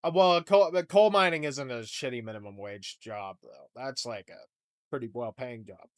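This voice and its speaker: A man's voice: mid-range voice, normal speed. Rambling, profane young man riffing. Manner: rambling, profane, jokey rants with mock voices. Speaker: comedy podcast host. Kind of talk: casual comedic monologue.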